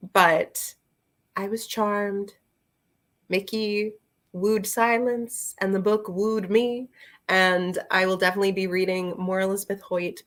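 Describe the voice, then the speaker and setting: A woman's voice: lowish voice, fairly bright tone. A woman in a casual book review chat, rambling and chatty, with many fillers and asides, talking straight to her viewers. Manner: talks to her viewers and a friend directly.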